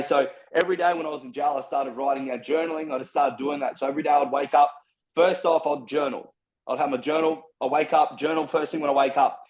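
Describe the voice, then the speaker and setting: A young Australian man, a personal trainer, telling his story in casual chat, blunt and full of swearing. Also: a little high. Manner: blunt, heavy swearing, fast and driven. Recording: slightly dull lo-fi sound.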